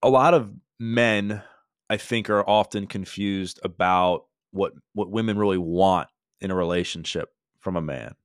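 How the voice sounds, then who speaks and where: Deep-voiced man hosting a podcast. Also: clear, resonant tone, no echo, studio quality. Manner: measured, thoughtful questioning. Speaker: podcast host. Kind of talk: interview questions.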